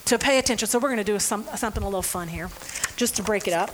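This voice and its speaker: A woman preaching a sermon, reading scripture and joking with her audience in an animated, playful way. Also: medium pitch, racing, a little hiss or hum. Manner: animated and playful, laughs often; involves audience members.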